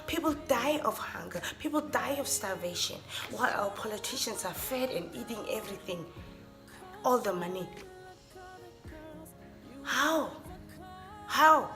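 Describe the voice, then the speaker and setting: A woman's voice: mid-range voice, lively intonation, moderate pace. A young woman, ranting with feeling in a vlog, often restarting and repeating her phrases. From Namibia. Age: young adult. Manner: impassioned, repetitive, restarts phrases. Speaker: vlogger. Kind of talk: emotional rant to camera. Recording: music playing under the voice.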